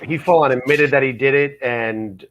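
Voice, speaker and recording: A man's voice: mid-range voice, normal speed, a bit bright, a little hiss or hum. A man talking casually as a guest on a podcast, blunt and laid-back, swearing now and then.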